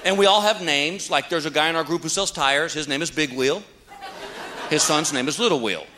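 A man from Texas performs stand-up comedy on a stage before a live audience, telling stories animatedly and acting out the characters. His voice is fairly high and a little fast. The live recording carries audience laughter, crowd noise and general background noise.

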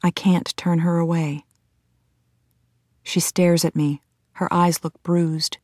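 A woman reading a first-person audiobook in a measured, tense storytelling manner. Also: on the low side, flat delivery, a little mellow, no echo, studio quality. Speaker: audiobook narrator.

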